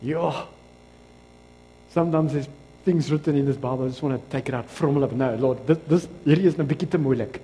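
A South African man preaching a lively sermon as pastor in a church, joking and calling out for amens. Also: mid-range voice, brisk, a little hiss or hum. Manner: energetic, joking, builds to loud exclamations, calls for amens. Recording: long reverb of a church hall.

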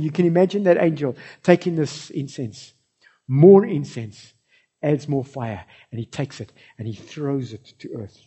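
A man with a South African accent preaching a sermon, swinging between loud cries and soft low asides. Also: measured pace, husky. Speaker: pastor.

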